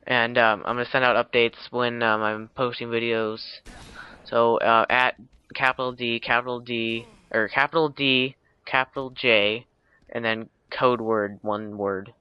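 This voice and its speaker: A man's voice: medium pitch, flat delivery, unhurried, smooth. Young guy rambling through a movie recap. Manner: rambling, many fillers and self-corrections. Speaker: video uploader. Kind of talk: casual movie recap vlog. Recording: dull lo-fi home recording.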